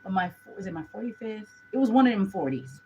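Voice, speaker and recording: A woman's voice: mid-range voice, lively intonation, fast talker, narrow, tinny audio, a little hiss or hum. A woman gives a chatty live tarot reading, talking straight to her viewers. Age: 40s. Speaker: tarot reader.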